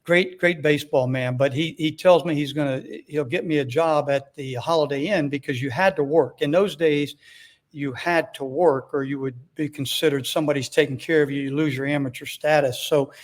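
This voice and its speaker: Slightly high-pitched older man telling stories. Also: fairly even intonation, moderate pace. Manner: rambling, frequent fillers, self-deprecating humor. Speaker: guest, former baseball manager. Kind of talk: casual storytelling interview.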